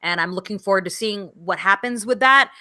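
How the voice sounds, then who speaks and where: A woman's voice: mid-range voice, fairly quick, pushed and bright. A woman co-hosting a podcast in casual chat, blunt and profane, with frequent fillers. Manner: blunt, swears freely, lots of fillers. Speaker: podcast co-host.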